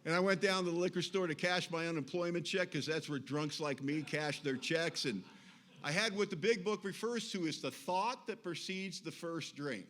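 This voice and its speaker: A man's voice: fairly high pitch, normal speed, fairly bright tone. Man telling a wry, confessional recovery story. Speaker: speaker sharing his recovery story. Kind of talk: recovery meeting talk.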